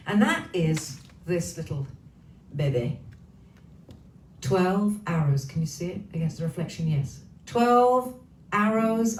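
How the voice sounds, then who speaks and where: A woman's voice: medium pitch, a little mellow. A woman chatting casually with livestream viewers, cheeky and swearing freely as she hosts from her home. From Wales. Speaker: singer hosting a livestream. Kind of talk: casual chat greeting viewers. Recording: roomy echo, slightly distant mic, faint hiss.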